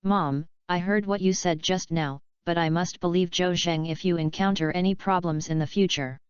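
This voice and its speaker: Teasing young wife read by a woman, smooth lowish voice, dry muffled audio. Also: fairly even intonation, moderate pace, no room sound, close to an everyday voice. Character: playful young wife, teasing her husband.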